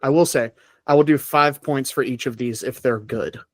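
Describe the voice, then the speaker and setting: A man's voice: medium pitch, normal speed, no room sound. A man hosting a casual podcast game show, playful and laughing often between rules.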